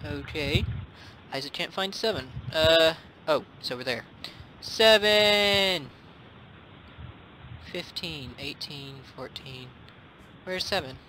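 A young man hosting a gaming session, cheering, shouting and joking as he plays. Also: on the high side, unhurried, slight background noise, poor audio. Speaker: game channel host. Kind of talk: excited gaming commentary.

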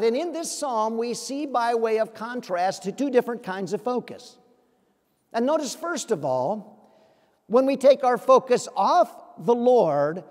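A man preaching in a church sanctuary, his voice pitched high for a man. He speaks earnestly and keeps asking his congregation pointed questions. A long reverb trails each phrase. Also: darkish tone. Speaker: pastor. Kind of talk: sermon.

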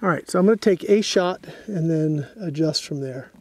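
A man's voice: on the high side, moderate pace, a little mellow, no echo. A man hosting a hands-on airgun review outdoors, a little out of breath, casually talking through each step as he goes.

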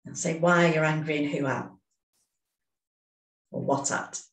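A woman leading a guided emotional tapping session, giving calm step-by-step instructions and phrases to repeat. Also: low voice, unhurried. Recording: echoey room, distant mic.

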